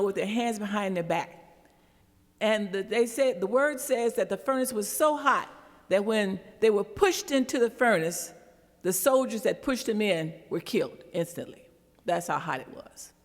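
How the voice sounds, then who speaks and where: A woman's voice: medium pitch, creaky. A woman retelling a Bible story at an interfaith prayer service, in a chatty, conversational way with casual asides. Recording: long hall reverb.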